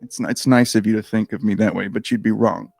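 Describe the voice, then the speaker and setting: A man's voice: lowish voice, fairly even intonation, fast talker, creaky, a little mellow, dry recording, faint music behind. Rambling, profane man reading aloud. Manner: rambling, profane, self-deprecating. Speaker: host reading a gamebook. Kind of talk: casual reading with rambling commentary. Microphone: close microphone.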